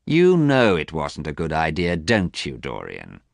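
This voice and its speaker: A man voicing a cynical, worldly man with a slow, sneering drawl, recorded close and dry. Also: a bass voice, huge pitch swings, gravelly, dry recording, full character voice.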